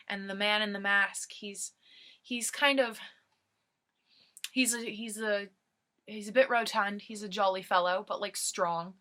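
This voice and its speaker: A young woman ad-libbing a comic story for her video, rambling along with giggles and fillers. Her voice is bright and clear, and her pace is slow and loose. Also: medium pitch, steady tone. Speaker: comedy video host.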